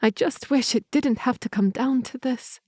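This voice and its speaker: A woman narrating a romance audiobook in the first person, in a measured, intimate storytelling manner on a close mic. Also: sits high, darkish tone, no echo.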